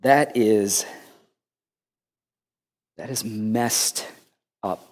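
A man preaching a sermon as pastor, swinging from loud emphasis to hushed tones and repeating words when he presses a point. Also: lowish voice, drawn-out words.

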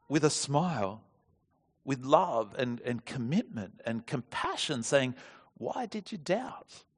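A man's voice: on the high side, fairly bright tone. A man preaching a sermon, earnest and expository, asking the listeners questions and sometimes restarting a phrase.

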